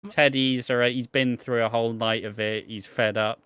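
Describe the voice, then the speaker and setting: A man's voice: mid-range voice, unhurried, few pauses, fairly bright tone, smooth, dry recording, studio quality. A man co-hosting a podcast, chatting casually and teasing as he quotes characters from a soap. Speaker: podcast co-host. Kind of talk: casual chat recapping a soap.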